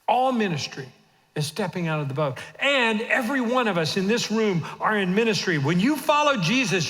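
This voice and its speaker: A man in his fifties preaching a sermon as senior pastor in a church auditorium, moving from hushed asides to shouted emphasis. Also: sits high. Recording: long reverb of a church hall.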